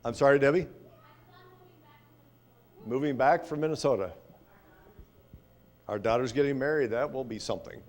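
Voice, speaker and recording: Chatty, halting man pastor. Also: medium pitch, a little mellow. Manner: chatty, halting, with frequent restarts and "uh". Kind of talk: informal sermon with congregation sharing. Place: church sanctuary.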